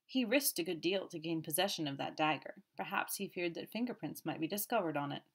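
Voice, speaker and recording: A woman reads a smooth, imperturbable male detective with a cold edge of menace. He speaks evenly and calmly, never ruffled. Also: on the low side, brisk. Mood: cool.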